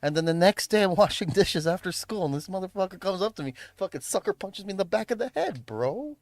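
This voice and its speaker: Lively, foul-mouthed young guy telling a story. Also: high voice, quick pace, dry recording. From Chicago area, USA. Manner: profane, laughing, lots of bro and man. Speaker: livestreamer. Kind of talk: casual storytelling.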